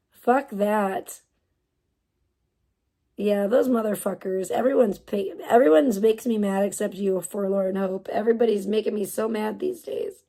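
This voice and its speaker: A woman's voice: medium pitch, gravelly, a little mellow. A young woman chatting casually on a livestream, swearing a lot and answering chat in a bemused, exasperated way. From United States. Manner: profane, exasperated, bemused, talking back to chat. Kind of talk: casual live-stream chat.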